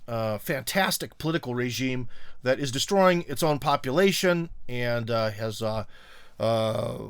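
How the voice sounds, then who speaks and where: A man's voice: a little high, fairly bright tone, no room sound, clean studio sound. A man hosting a casual political commentary monologue, rambling with many fillers and restarts, and often sarcastic.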